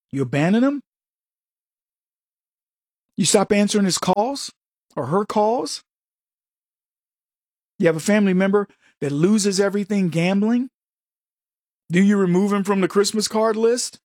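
A man's voice: high voice, a little mellow, dry recording, clean studio sound. A middle-aged man hosting a show, giving an opinionated, sarcastic and preachy monologue to listeners he calls folks. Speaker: political commentary host.

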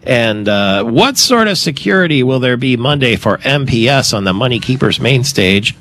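A man's voice: medium pitch, lively intonation, moderate pace, few pauses, fairly bright tone, slight background noise. A man hosting a radio show, asking questions and reading promotions in a chatty, upbeat way. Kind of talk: radio interview and live promo.

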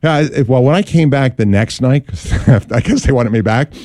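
A man's voice: medium pitch, moderate pace, dry recording, studio quality. A middle-aged man, a Catholic radio host, telling a story in a casual interview and acting out the voices in it. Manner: animated anecdotal storyteller, acts out quotes.

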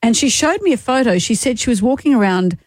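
A woman's voice: a little high, lively intonation, fast talker, darkish tone, dry recording. A woman with an Australian accent co-hosting a radio show, telling stories in casual banter and laughing easily. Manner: chatty storyteller, laughs easily. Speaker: radio co-host. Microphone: studio microphone.

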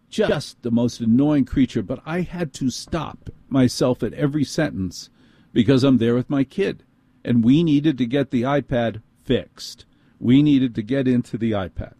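A middle-aged man with a New York accent hosts a talk radio show, spinning an exasperated, sardonic story in quick bursts. His voice is mellow and unhurried in tone, at an everyday pitch, heard dry and close. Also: no room sound. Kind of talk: ranting storytelling monologue.

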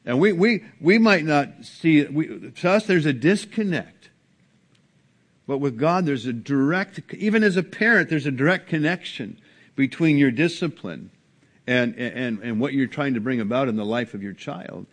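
A man preaching an earnest sermon as a pastor, with sudden rises and drops in pitch and loudness. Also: animated, moderate pace. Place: church sanctuary.

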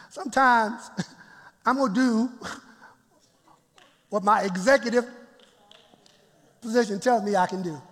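A male pastor preaching a lively sermon in a church, often chuckling and calling out to the congregation. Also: high voice, takes it slowly, long pauses, slightly rough. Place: church sanctuary. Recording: long church reverb.

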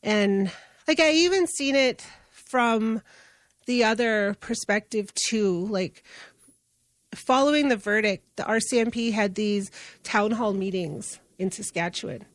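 A woman's voice: medium pitch, a little slow, dry recording. Earnest middle-aged woman, dry sound. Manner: earnest, conversational, with restarts and fillers. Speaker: guest, justice advocate. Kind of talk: storytelling in an interview.

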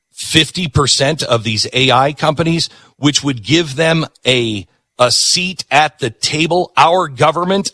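A man's voice: on the high side, bright, forceful tone, dry recording. A middle-aged man hosting a talk show, giving emphatic, repetitive political commentary.

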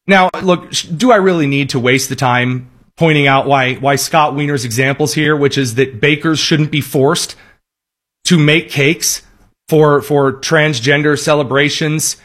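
A man's voice: on the high side, fairly even intonation, a little slow, a bit bright. A man giving opinionated political commentary, sarcastic and ranting, with frequent restarts.

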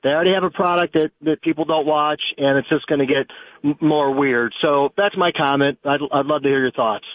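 A man calling in to a radio show, giving a rambling, halting opinion. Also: fairly high pitch, no echo. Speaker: caller. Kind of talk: call-in opinion. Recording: tinny phone line.

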